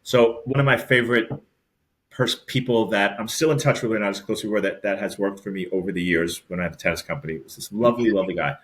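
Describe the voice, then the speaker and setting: A middle-aged man with a New York accent, a podcast co-host rambling through animated stories in casual chat. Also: on the low side, fast talker. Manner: rambling, animated storyteller with many restarts.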